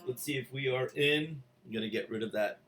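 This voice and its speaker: A man with a bass voice who teaches singing, explaining slowly and breaking into sung vocal exercises. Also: a bit bright, soft background music. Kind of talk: singing lesson. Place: room.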